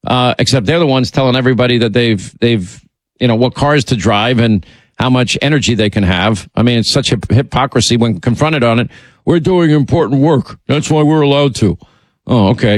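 A man hosts a political talk show, giving a combative, sarcastic commentary monologue full of restarts and asides. His voice is medium-pitched with no room sound.

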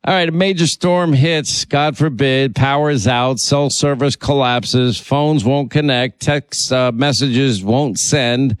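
A man's voice: mid-range voice, slow pace, few pauses, dry recording. A man hosting a talk radio show, bantering and teasing his co-host. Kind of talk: casual on-air banter.

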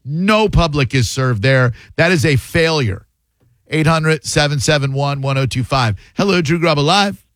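Radio guy hosting call-ins, blunt and jokey, kinda high voice, dry studio mic. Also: expressive, moderate pace, a bit bright, dry recording. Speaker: radio talk show host.

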